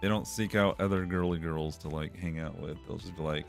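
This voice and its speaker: Streamer, male, very low voice, wry and rambling, laughs a lot, faint music under. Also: fairly even intonation, fairly quick, creaky. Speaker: streamer reading chat. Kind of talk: casual chat.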